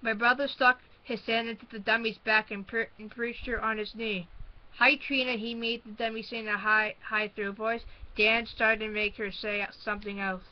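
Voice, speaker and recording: Woman reading a kids' horror book aloud, stumbling reads, higher voice, muffled lo-fi audio. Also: little pitch movement. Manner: halting reading with frequent restarts. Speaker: storybook reader. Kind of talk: first-person read-aloud of a horror book.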